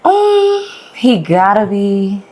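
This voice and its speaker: A woman's voice: mid-range voice, very animated, drawn-out words, a little mellow. Blunt woman in casual chat. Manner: blunt, slangy reactions. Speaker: podcast guest.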